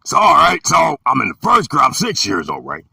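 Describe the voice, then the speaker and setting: Gravelly, preachy storyteller man in his 50s. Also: a little high, huge pitch swings, brisk, no echo. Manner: emphatic, preachy, sometimes shouting. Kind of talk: storytelling talk. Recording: dry and distant from the mic.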